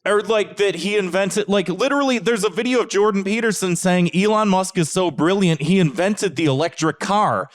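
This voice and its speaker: A man's voice: high-pitched, moderate pace, hardly any pauses. A man on a podcast, ranting in an exasperated, casual way and swearing freely. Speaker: podcast panelist.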